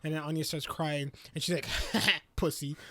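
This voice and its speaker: Young man recapping anime, high voice. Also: fast, no echo. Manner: animated retelling with slangy voiced quotes. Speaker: podcast co-host. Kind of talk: casual podcast chat, recapping an anime episode.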